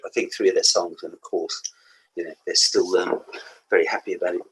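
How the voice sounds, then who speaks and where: A man's voice: low-pitched, fairly even intonation, fairly quick, a little hiss or hum, poor audio. A man in his sixties with a Black Country accent, rambling through anecdotes as a podcast guest. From England. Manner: rambling anecdotes with laughs and asides. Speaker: guest musician. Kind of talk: casual podcast interview.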